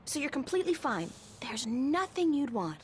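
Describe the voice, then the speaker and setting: Young game heroine, wry and probing, bright lively voice. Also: female voice, high-pitched, normal speed, slight background noise. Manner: wry, teasing questions. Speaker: game character.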